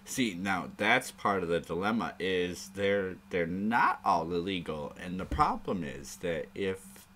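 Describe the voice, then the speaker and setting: A man's voice: deep voice, expressive, a little slow, few pauses, a bit bright, a little hiss or hum. A man hosting a live stream, rambling casually in a crude, joking way. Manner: rambling and crude, prone to chuckling asides.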